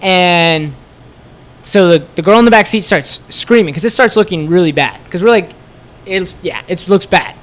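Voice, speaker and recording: A high-voiced man speaking at a moderate pace tells a road-trip story as a podcast guest; he co-owns a store. The chat is casual and animated, full of acted-out quotes and frequent "like."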